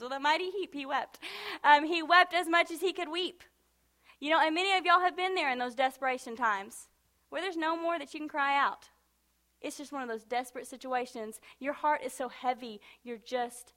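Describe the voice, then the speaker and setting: Bright high-voiced woman preaching. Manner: impassioned, emphatic repetition, casual asides. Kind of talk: sermon.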